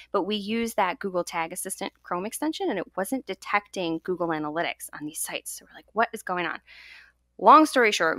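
A woman's voice: fairly low pitch, fairly bright tone, no room sound. A woman co-hosting a podcast, talking casually through a work puzzle step by step. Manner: explains step by step, laughs easily. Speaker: podcast co-host.

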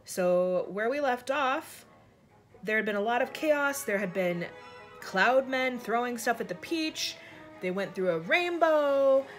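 A woman reading a children's storybook aloud, jumping her pitch up high for the characters' lines. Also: lively intonation, slow, soft background music. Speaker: reader of a children's book.

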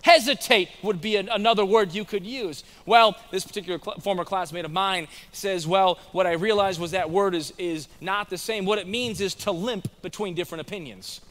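American male pastor, fairly high voice, conversational preaching style that acts out quotes, in a long-reverb sanctuary. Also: a little fast, few pauses, a bit bright. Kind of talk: sermon. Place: church sanctuary.

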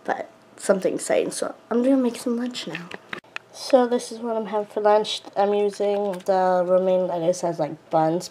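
Young female vlogger, mid-pitched, chatty and rambling, faint hiss behind. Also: mellow, poor audio. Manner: chatty, rambling, many fillers. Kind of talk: casual vlog chat to camera. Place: home, indoors.

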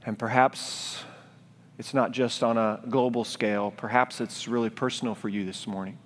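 A man preaching a sermon as pastor, speaking in a gentle, reflective, pleading way. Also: mid-range voice, steady tone, moderate pace. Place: church sanctuary, live-streamed. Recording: long church-hall reverb.

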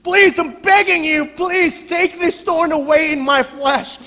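Man acting out a suffering apostle, pitched well above his own voice, loud and begging, in a reverberant hall. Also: a little slow, exaggerated voice. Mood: pleading. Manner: begging, voice rising and straining. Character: desperate pleading male apostle, worn by pain.

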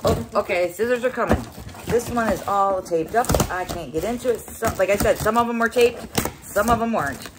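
A woman's voice: medium pitch, fairly quick, very noisy. A middle-aged woman hosting a casual unboxing vlog, chatty and exclaiming as she thinks aloud. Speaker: host.

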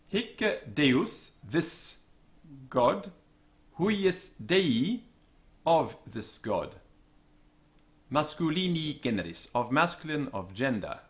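A man teaching Latin vocabulary, slowly pronouncing and repeating each word with careful pronunciation notes. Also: medium pitch. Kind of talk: slow vocabulary lesson with repeated Latin words.

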